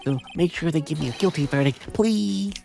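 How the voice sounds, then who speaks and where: A jittery young man stumbles over his words and insists on his own guilt, as a man plays him. The voice has a gravelly rasp and a hesitant, stammering rhythm. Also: fairly high pitch, normal speed, darkish tone, faint music behind, voice pushed up. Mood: insistent.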